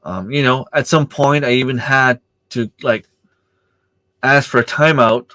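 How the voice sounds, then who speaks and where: A man's voice: unhurried, sharp tone, dry recording. A man who coaches youth soccer, chatting casually on a livestream, telling stories with lots of fillers and acting out the exchanges. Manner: storytelling, acting out quoted exchanges with rising pitch; hesitant, many fillers and restarts.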